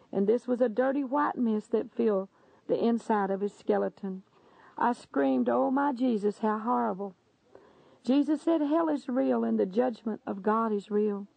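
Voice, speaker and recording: A woman's voice: on the high side, gravelly, darkish tone, dry recording. A woman reading a religious testimony aloud in an earnest, solemn, dramatic way. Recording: dull lo-fi dry recording.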